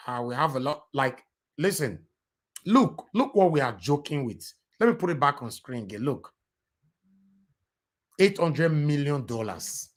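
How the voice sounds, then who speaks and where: Nigerian male livestream host, slightly higher voice, fervent, Pidgin-mixed talk. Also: big pitch swings, measured pace, pauses often. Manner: impassioned, mixes Pidgin English, pleading. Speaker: livestream political show host. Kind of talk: casual livestream talk with callers.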